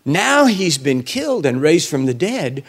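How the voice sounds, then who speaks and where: A man's voice: a little slow, breathy edge. A man giving a sermon as a guest preacher, telling the story in a colloquial, humorous way and acting out the voices of the people in it. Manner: animated storytelling, acts out voices with big pitch swings.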